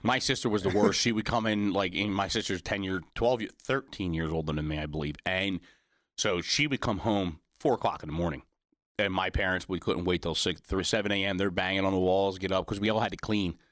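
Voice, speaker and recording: A man co-hosting a podcast in casual chat, chatty and quick with short reactions. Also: low voice, a bit bright, no echo, studio quality. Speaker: podcast co-host.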